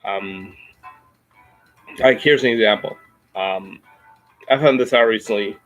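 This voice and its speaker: A man with a Midwestern American accent, explaining things in a casual chat, halting with many ums and restarts. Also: lowish voice, faint music behind, low-quality recording. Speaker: podcast host.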